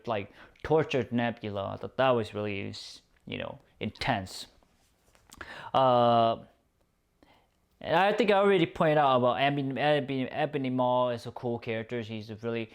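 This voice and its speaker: A man giving a casual spoken movie review, rambling with lots of "like" and "um" fillers and casual swearing. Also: mid-range voice. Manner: loose and rambling, full of "like" and "um", swears freely.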